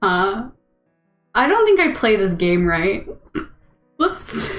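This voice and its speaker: An American woman hosts a casual stream, chatting with her viewers in an unhurried, rambling way and giggling often. Her voice sits in a middle pitch. The room sounds echoey, and faint music plays underneath. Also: sing-song, a bit bright. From United States. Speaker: host.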